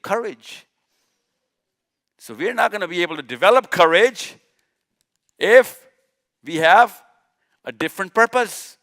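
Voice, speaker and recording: Man, impassioned lecture, rhetorical questions, lively swinging pitch. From Pakistan. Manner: emphatic, rhetorical questions, repeats points. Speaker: speaker at a live session.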